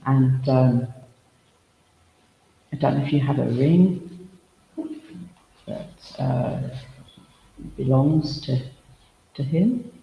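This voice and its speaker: A man's voice: mid-range voice, extremely slow, gravelly, long pauses, highs cut off. Chatty male medium in an echoey hall. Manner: chatty and humorous, full of asides and anecdotes. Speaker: spiritualist medium and minister. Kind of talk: mediumship demonstration at a service. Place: village hall. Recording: echoey hall reverb, faint noise.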